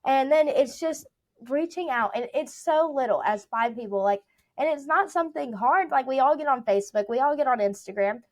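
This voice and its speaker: Young woman real estate agent chatting away in an interview, bit high voice, lots of "like"s, animated storytelling. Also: a little fast. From Texas. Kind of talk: casual interview.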